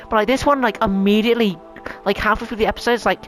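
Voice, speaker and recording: A woman's voice: medium pitch, fast, faint music behind, poor audio. A woman hosting a casual opinion rant at home, rambling, swearing a lot and sounding exasperated. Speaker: channel host. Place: home room.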